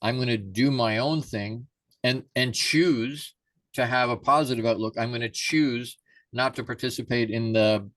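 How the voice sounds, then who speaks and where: A man's voice: medium pitch, normal speed, a bit bright, no room sound. Emphatic male mindset coach. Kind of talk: conversational interview.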